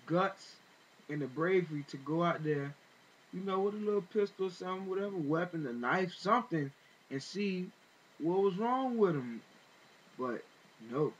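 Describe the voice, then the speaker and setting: A man with a fairly high voice retells events in loose, rambling commentary, full of fillers and restarts. His tone turns indignant as he goes. The recording sounds dull and lo-fi. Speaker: vlogger. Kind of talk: casual spoken commentary.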